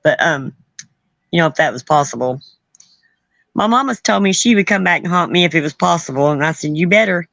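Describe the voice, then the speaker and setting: Middle-aged lady chatting on a show, lowish voice, kinda muffled lo-fi sound. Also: a little fast, gravelly, fairly bright tone, no echo. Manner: laughing, folksy and blunt. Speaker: host. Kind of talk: casual chat. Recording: dull lo-fi sound.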